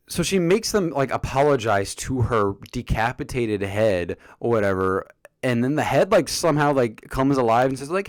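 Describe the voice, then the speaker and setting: A man casually reviewing a TV episode for his vlog, jokey and animated, often acting out the characters' lines. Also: mid-range voice, moderate pace, no echo.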